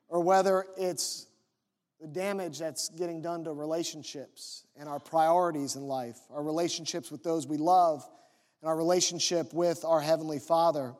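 Male pastor, conversational storyteller, higher voice, reverberant sanctuary. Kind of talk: sermon.

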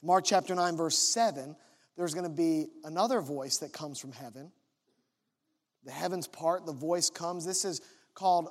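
A man preaching a sermon, teaching in a measured way, reading scripture slowly and stressing key words. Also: on the high side.

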